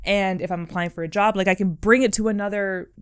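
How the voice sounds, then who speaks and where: Earnest young woman with a smooth voice. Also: medium pitch, fairly even intonation, fast. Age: young adult. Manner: earnest, encouraging, heavy use of "like" and "um". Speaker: podcast co-host. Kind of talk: casual chat.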